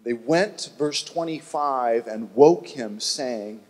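A man preaching a sermon, telling a Bible story in an animated way and acting out the voices of its people. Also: mid-range voice, slow pace, hardly any pauses, big-room sound. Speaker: pastor.

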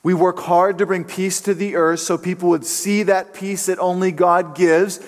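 A man's voice: high-pitched, flat delivery, normal speed. Man preaching in a reverberant hall. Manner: conversational preaching with storytelling and fillers. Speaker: pastor. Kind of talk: sermon.

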